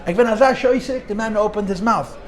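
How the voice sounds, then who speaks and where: In an informal Torah class, a man serving as rabbi tells stories with animation, restarting phrases often and dropping in Yiddish and Hebrew expressions. His voice sits high and moves fairly quickly.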